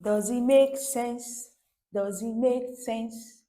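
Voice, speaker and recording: A woman leads a beginner French lesson at an unhurried pace, her voice mellow and warm. She keeps repeating phrases and checking in with her viewers through rhetorical questions. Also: fairly high pitch, steady tone. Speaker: French teacher.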